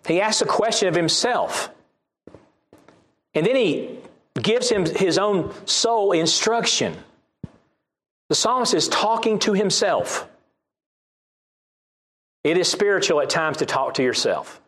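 A man's voice: high-pitched, big pitch swings, slow, long pauses, a bit bright. A man with a Southern US accent preaching a sermon, reading scripture aloud and repeating key lines for emphasis.

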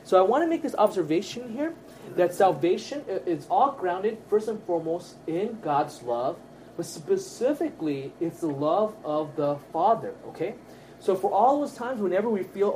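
A man teaching a Bible study class, earnest and emphatic, often checking in with his listeners with quick tag questions. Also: sits high, animated, a little mellow, slight background noise.

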